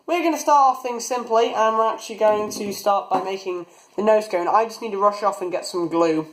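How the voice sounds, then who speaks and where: Chatty young rocketry hobbyist. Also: male voice, sits high, brisk, slight background noise, poor audio. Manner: chatty, rambling, talks while working. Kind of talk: casual build tutorial. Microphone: phone camera.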